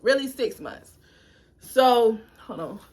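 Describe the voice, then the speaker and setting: A young adult woman telling a dramatic personal story to her viewers in a lively, animated way. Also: fairly high pitch, slow pace, slightly rough. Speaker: vlogger. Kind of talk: storytime vlog.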